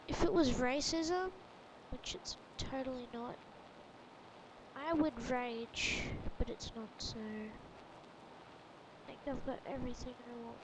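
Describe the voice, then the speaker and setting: High-voiced excitable woman. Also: slow pace, long pauses, slight background noise, rough recording. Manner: excitable, chattering to herself with sudden exclamations. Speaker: let's play gamer. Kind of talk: gameplay commentary.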